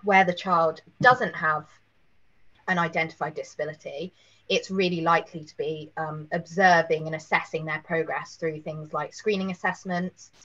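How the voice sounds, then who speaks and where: Hoarse low-voiced woman presenting. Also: steady tone, moderate pace, fairly bright tone, lo-fi sound. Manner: careful, explanatory, with many fillers. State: hoarse after a cold. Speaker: legal presenter. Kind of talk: webinar presentation.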